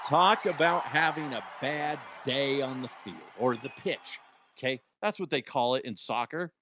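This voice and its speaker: A man's voice: medium pitch, normal speed, noisy background. A man hosting a comedy news show, rambling in a jokey, self-interrupting way. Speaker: podcast host. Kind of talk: casual comedic commentary.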